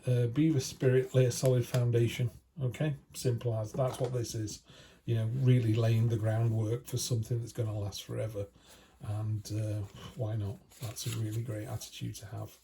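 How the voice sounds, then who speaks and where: A man's voice: medium pitch, level tone, normal speed, vocal fry, warm tone, a little hiss or hum. A man with a British accent giving a chatty, down-to-earth weekly tarot reading to his viewers. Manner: chatty, down-to-earth, slangy asides. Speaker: tarot reader.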